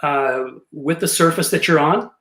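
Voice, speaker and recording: Joking man with a higher voice on a roomy call. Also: normal speed, a bit bright. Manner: jokey, laughing storyteller. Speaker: guest. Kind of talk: casual podcast chat. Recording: roomy echoey call audio.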